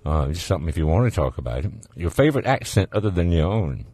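Southern male radio host, very low voice, folksy, dry close sound. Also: sing-song, quick pace, warm tone, husky, no room sound. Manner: folksy, chatty, laughs easily. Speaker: radio call-in show host. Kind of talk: casual call-in radio chat.

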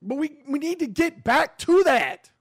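A man's voice: very high-pitched, very animated, measured pace, fairly bright tone. A man hosting an opinion radio show, talking bluntly and emphatically, with swearing and preaching. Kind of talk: fiery opinion talk.

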